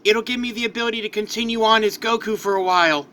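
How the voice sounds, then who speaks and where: A man voicing a male warrior torn between his gentle self and a darker side, strained and pleading. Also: sits high, fairly even intonation, fast talker, background noise, lightly acted. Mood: desperate.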